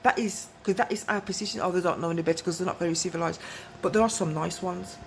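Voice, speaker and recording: A woman's voice: fairly low pitch, fast, gravelly, slight background noise. A woman tells a long, rambling story to camera, often asking whether you follow and laughing between phrases. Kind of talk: casual storytelling monologue.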